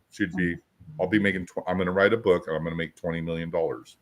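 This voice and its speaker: A man's voice: sits low, quick pace. A man who hosts a podcast, chatting casually about coaching and acting out both sides of his stories. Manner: storytelling, acts out both sides of dialogues. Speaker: business coach, podcast host.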